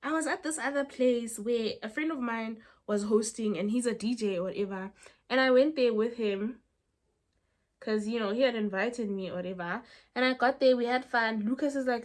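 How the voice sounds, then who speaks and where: A young woman, telling a storytime in a chatty, animated way with asides to her viewers. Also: fairly high pitch, normal speed. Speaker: storyteller vlogger. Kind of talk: casual storytime chat.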